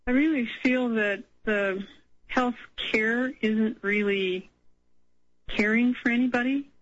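A woman from Colorado calling in to a radio show on the phone, speaking hesitantly with many pauses and ums. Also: fairly high pitch, no room sound, dull audio. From Colorado, USA. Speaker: caller. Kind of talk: phone-in conversation.

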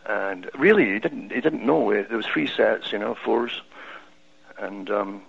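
Scottish male guest, deep gravelly husky voice, lively storytelling, dull lo-fi radio sound. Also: measured pace. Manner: animated, with many restarts. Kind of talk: telling a personal story. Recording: lo-fi radio broadcast.

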